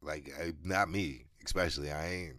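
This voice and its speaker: A man's voice: a bass voice, moderate pace, pushed and bright, dry recording, studio quality. A man hosting a podcast in a loose, profane, rambling monologue, chuckling between phrases. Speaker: podcast host.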